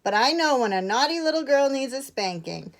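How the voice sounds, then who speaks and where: A woman's voice: sits high, animated, fairly quick, pitched above the performer's own voice. A woman voicing a stern grown-up male teddy bear in a storybook reading. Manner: stern, firm.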